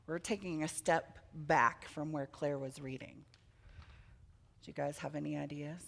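Woman preacher, children's sermon, gravelly, animated, quizzes the kids. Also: low-pitched, measured pace. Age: adult with children. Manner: animated storytelling with questions to children.

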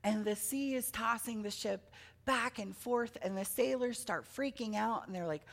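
Woman preacher, children's sermon, gravelly, animated, quizzes the kids. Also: on the high side, normal speed. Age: adult with children. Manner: animated storytelling with questions to children.

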